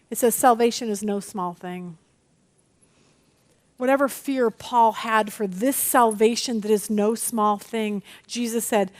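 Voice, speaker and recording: A middle-aged woman teaching a women's Bible study, chatty and animated, telling stories against herself. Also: medium pitch. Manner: animated, chatty, self-deprecating storytelling.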